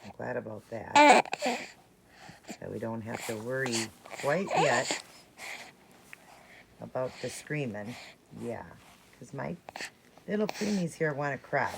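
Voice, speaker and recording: A woman vlogger soothes her dolls in cooing mother talk and explains each step to viewers. Her voice sits low with a lively, swinging melody and a gravelly texture. Loud baby crying fills the background. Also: slow, pauses often, noisy background. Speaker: vlogger caring for reborn dolls. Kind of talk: casual show-and-tell vlog. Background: recorded baby crying.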